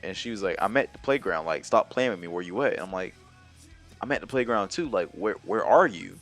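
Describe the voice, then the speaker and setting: Over soft background music, a young vlogger whose voice sits low talks briskly through a personal story. His telling is casual and rambling, heavy on slang and fillers, with animated quotes of what everyone said.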